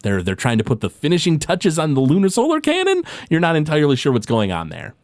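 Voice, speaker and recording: A man running a tabletop game as game master, narrating in a loose, rambling way full of fillers. His pitch moves a lot, and the sound is dry and close. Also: wildly swooping pitch, fast talker, dry recording. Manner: loose, full of fillers and restarts, laughs often.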